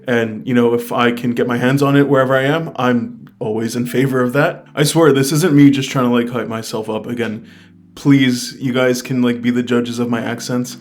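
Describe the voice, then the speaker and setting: A man's voice: mid-range voice, fairly even intonation, normal speed. An American man talking casually to his viewers in a travel review, enthusiastic and peppering his speech with "like" and "I mean". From United States. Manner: chatty, fills speech with "like" and "I mean"; enthusiastic, recommends things directly to viewers. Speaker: travel vlogger. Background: faint guitar music.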